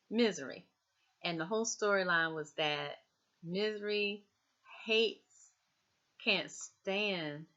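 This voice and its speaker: A woman's voice: fairly low pitch, bright, forceful tone, lo-fi sound. A woman chatting casually as a TV recap vlogger, repeating herself and talking straight to her viewers.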